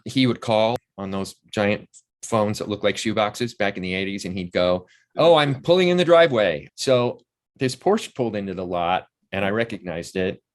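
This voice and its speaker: A man's voice: fairly low pitch, normal speed. A man in his sixties, an actor and playwright, telling stories in a casual interview and acting out the voices of the people he quotes. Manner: animated storyteller who acts out quoted voices.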